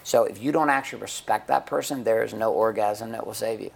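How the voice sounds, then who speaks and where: A man's voice: lowish voice, fairly quick, creaky, breathy edge. A middle-aged man speaking bluntly and profanely in a candid interview, telling stories with acted-out quotes. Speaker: guest, men's coach and author.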